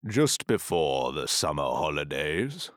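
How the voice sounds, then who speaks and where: An actor playing a pompous, blustering male town mayor in a full-cast audiobook, talking slowly and self-importantly. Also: very deep voice, big pitch swings, no room sound, studio quality, heavily acted.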